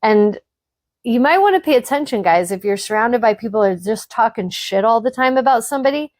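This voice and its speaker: A woman's voice: on the high side, lively intonation, a little fast, a little mellow, no room sound, clean studio sound. A woman hosting a spiritual podcast, speaking frankly to her listeners in an emphatic, blunt monologue that swears freely.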